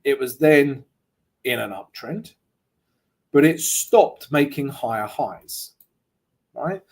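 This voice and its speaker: Slow and animated, his voice medium-pitched, darkish and slightly rough, a trading analyst guides viewers through a live market analysis. He keeps it chatty and joking, often adding "right?" to his lines.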